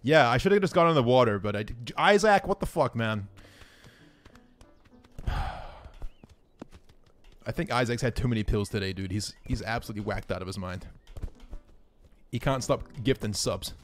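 A man streaming a game live, giving excitable, profane running commentary and talking to his chat. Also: medium pitch, a little slow, long pauses, a little hiss or hum.

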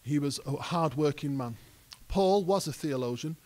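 A man's voice: a little high, animated, moderate pace, a little mellow. A male pastor preaching a conversational sermon that rises to emphatic peaks. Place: church hall.

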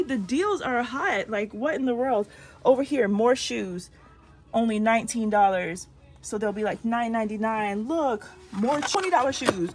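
Gushing, high-voiced woman vlogger. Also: moderate pace, slightly rough. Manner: excitable, gushing, exclamatory. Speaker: couponing vlogger. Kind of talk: excited shopping vlog. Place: inside a large retail store.

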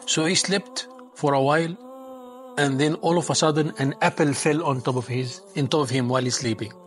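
A man storyteller telling a religious moral story in a relaxed, conversational way, dropping in Arabic religious phrases. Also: on the high side, brisk.

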